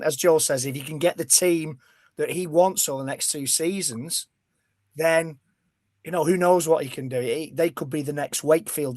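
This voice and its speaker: A man's voice: on the high side, no room sound. A man giving his view as a pundit on a casual sports chat, stumbling and repeating words before he gets going. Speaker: podcast pundit.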